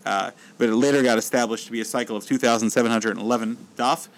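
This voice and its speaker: A man giving a storytelling lecture as a Torah teacher, animated and repeating words when excited. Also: medium pitch, fast, low-quality recording.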